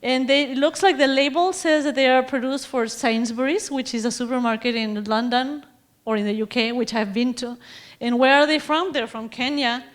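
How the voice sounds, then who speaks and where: A woman from Mexico with a Mexican accent giving a lecture in a chatty, animated way, often correcting herself mid-sentence. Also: sits high, moderate pace. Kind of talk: public lecture on food and environment.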